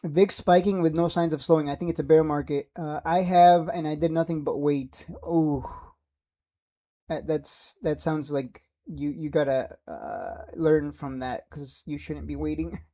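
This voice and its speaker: Man, market streamer. Brash, joking, dark tone. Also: on the high side, unhurried. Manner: brash, joking, laughs at own jabs. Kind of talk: casual market commentary.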